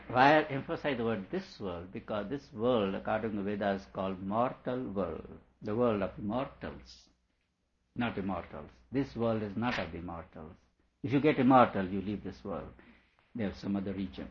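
Low-voiced man explaining scripture. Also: a little hiss or hum. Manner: repeats questions aloud, then explains patiently. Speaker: teacher. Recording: dull lo-fi recording.

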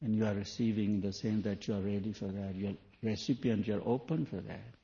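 A man's voice: on the low side, steady tone, fairly quick, gravelly, mellow. A man giving a spoken sermon to an audience, asking rhetorical questions in a loose, non-native phrasing. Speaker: spiritual teacher. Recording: dull lo-fi 1980s tape recording.

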